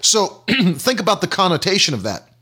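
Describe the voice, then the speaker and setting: A man's voice: sits high, very animated, a little fast, sharp tone, husky. A man preaching a sermon, teaching through questions and everyday examples and repeating key phrases for emphasis.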